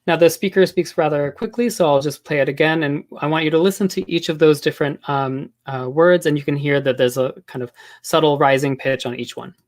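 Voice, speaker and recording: A man giving an academic talk on linguistics, measured and thoughtful, with frequent pauses and fillers. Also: on the high side, steady tone. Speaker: linguistics lecturer.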